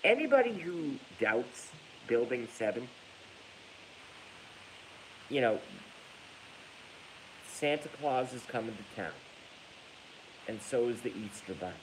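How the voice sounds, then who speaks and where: A man's voice: mid-range voice, sing-song, slow, long pauses, slight background noise, poor audio. A man ranting angrily on a livestream, swearing often and breaking into laughter while reading viewer comments. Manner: angry, profane, breaks into laughter.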